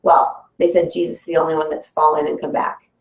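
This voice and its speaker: A woman's voice: low voice, little pitch movement, a little fast, vocal fry. A woman talking casually as a guest about spiritual ideas, rambling and filling her talk with "like" and "you know.". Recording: echoey room.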